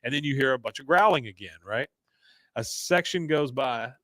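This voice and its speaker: A man's voice: medium pitch, lively intonation, pushed and bright, dry recording, clean studio sound. Man retelling a cartoon episode. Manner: acts out quoted characters in quick snippets. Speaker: podcast host recapping an episode. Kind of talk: casual chat, retelling scenes.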